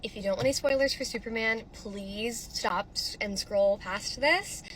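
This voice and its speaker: A woman's voice: fairly high pitch, normal speed, a bit bright, slight background noise, low-quality recording. A woman talking casually into her phone outside a theater, rambling, swearing and tearing up as she speaks. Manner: emotional, rambling, swearing, tearful. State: crying. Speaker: social media creator. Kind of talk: casual vlog reaction. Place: outdoors near a theater.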